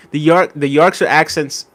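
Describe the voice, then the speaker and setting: Reading and responding to comments from his viewers, a young man on a live stream chats loosely and rambles, dropping in lots of fillers. His voice leans high and has a bit of brightness.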